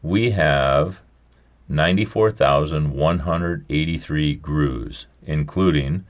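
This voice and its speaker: A man's voice: extremely low pitch, takes it slowly. A man doing a polished, polite heavenly clerk. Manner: smooth, polite and precise, growing weary.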